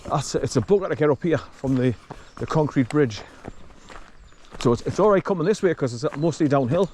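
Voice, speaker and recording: A man's voice: a little high, expressive, a little fast, a little mellow, slight background noise. A man rambling chattily to the viewer as he walks a rural forest track outdoors. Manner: rambling, chatty, talks to the viewer while walking. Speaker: walker filming his hike. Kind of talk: casual walking narration.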